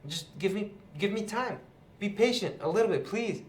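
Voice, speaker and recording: A man's voice: expressive, normal speed, a little hiss or hum. A man doing a scared, pleading debtor. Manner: raised pitch, pleading. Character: scared man in debt, begging for time. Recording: roomy echo.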